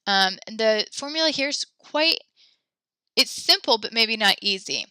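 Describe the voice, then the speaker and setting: A woman's voice: fairly high pitch, animated, measured pace, bright, forceful tone, smooth, no echo. A young adult woman teaching a French class, upbeat and encouraging, chatty with fillers as she explains. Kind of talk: online class lesson.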